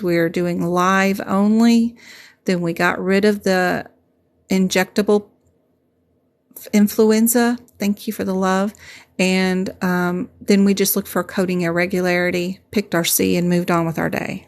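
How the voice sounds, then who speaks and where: A woman's voice: on the low side, gravelly. A middle-aged woman with a Southern US accent, a medical coding instructor explaining things patiently and repeating her points in a casual livestream. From Southern United States. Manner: patient, repetitive explaining, folksy asides. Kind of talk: livestream teaching and chat.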